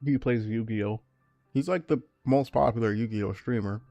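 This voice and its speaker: Dude streaming a game, chatty and rambly, dry close mic, faint music under. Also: male voice, mid-range voice, normal speed, vocal fry, mellow, dry recording. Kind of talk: casual gameplay commentary.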